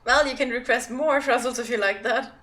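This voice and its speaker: A woman's voice: fairly high pitch, fairly quick, pushed and bright. A woman in her thirties chatting casually on a game livestream, rambling and self-deprecating. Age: 30s. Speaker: game streamer.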